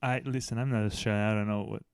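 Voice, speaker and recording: A man with a low voice talks through the news in a loose, profane way. He speaks English as a second language, drifts and restarts mid-thought, and his dry, close recording has no room sound. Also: steady tone, fast, clear, resonant tone, no room sound. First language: not English. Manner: blunt, swears heavily, trails off and restarts. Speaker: commentary channel host. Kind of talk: casual profane news commentary.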